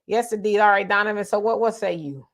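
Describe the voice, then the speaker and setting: A woman's voice: medium pitch, fast talker, fairly bright tone. A woman hosting a live online show, reading viewer comments aloud and greeting people by name, often laughing, with features. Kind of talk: casual live chat.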